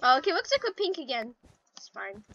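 A young woman with a high, bright voice chatters through her gameplay, swinging from silly sing-song to panicked yelling. The sound is a little dull and lo-fi, like a cheap home mic. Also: very animated, fairly quick. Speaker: gaming channel host. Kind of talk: casual gameplay commentary.

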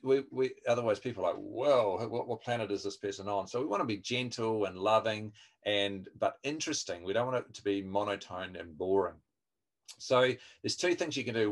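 A man training a group over a video call, talking in a friendly, chatty way with many fillers and restarts. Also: on the low side. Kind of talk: online webinar teaching. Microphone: video call microphone.

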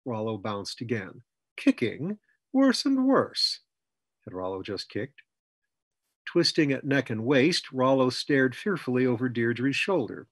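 A man narrating his own fantasy story in a measured reading voice. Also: mid-range voice, a bit bright, breathy edge, no room sound. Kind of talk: scripted narration.

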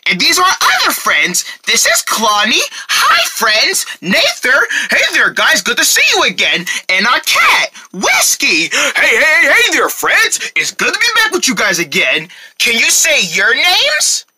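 A performer voicing a cheerful, boastful young male cartoon character who talks to the children watching in a high, excitable, sing-song way. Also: unhurried, hardly any pauses, heavily acted. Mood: excited, cheerful. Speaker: children's show character host.

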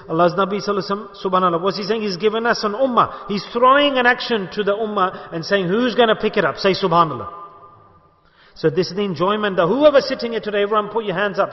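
A man, a sheikh, preaching a sermon to a gathering in an emphatic way, asking rhetorical questions and calling for responses. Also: high voice. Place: mosque gathering hall in Bolton. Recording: echoey hall, dull lo-fi sound.

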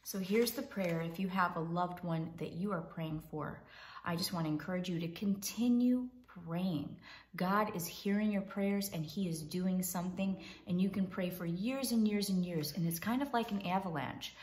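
A woman's voice: lowish voice, moderate pace, darkish tone, echoey room. A woman hosting a ministry talk, speaking in an earnest, encouraging way. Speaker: host.

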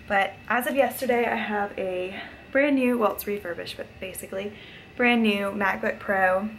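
A woman's voice: medium pitch, moderate pace, fairly bright tone, slight background noise, poor audio. A young woman chatting casually in a video blog, talking with frequent fillers. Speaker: vlogger. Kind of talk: casual vlog chat.

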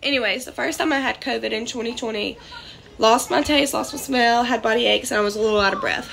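Sick, congested woman, gravelly. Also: a little high, fast talker, background noise. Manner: scattered, rambling, many fillers. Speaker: vlogger. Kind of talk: casual talk to camera. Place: small trailer indoors.

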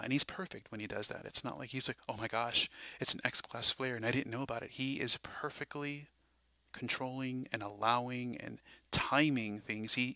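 A man talks through a loose, preachy monologue, eager and rambling, full of fillers. His voice is very bright and keen-edged. The sound is dry and close, as in a small room. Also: mid-range voice, gravelly, no room sound. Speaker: Christian prophecy video host. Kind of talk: casual monologue.

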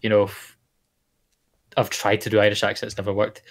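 A man's voice: on the low side, completely flat delivery, normal speed. A Scottish man co-hosting a podcast in casual chat, rambling with many fillers and restarts. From Scotland. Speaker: podcast co-host.

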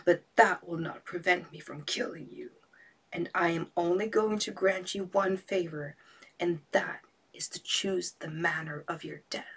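A woman's voice: lowish voice, a little slow, a bit bright, husky, heavily acted. A woman voicing a haughty, vengeful giant male genie in a storybook reading, speaking in a menacing half-whisper.

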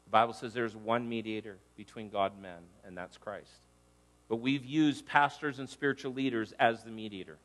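A middle-aged man, a pastor, preaching a conversational sermon and acting out little scenes in livelier voices. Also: moderate pace. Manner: conversational, animated, acts out quotes in higher voices.

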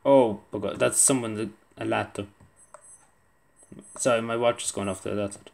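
A young man talking his way through a game in a casual commentary, half to himself. His voice sits a little low, and he mutters, grumbles and swears under his breath in a self-deprecating way. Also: fairly even intonation, moderate pace, creaky, darkish tone. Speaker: gaming video creator.

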